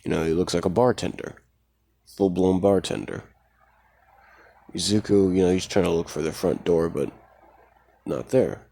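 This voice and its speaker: A man's voice: low voice, normal speed, creaky, long pauses, dark tone. A man casually retelling a fan story in a rambling, profane way, full of fillers.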